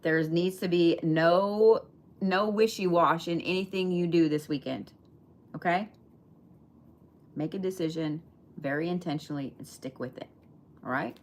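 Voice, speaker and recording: A woman's voice: fairly low pitch, measured pace, long pauses. A woman giving a chatty, emphatic live tarot reading to her viewers. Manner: chatty, emphatic, swears casually, talks to viewers. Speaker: tarot reader.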